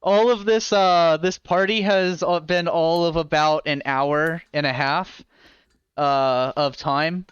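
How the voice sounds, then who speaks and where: A man narrating as dungeon master in a live tabletop game, animated and full of fillers. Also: a little high, takes it slowly, clean tone, no room sound, highs cut off.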